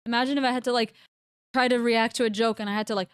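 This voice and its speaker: Playful woman with a smooth, bright voice. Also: fairly high pitch, steady tone, very fast, no echo, studio quality. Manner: playful, giggly, rambling. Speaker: livestream host. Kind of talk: casual livestream chat.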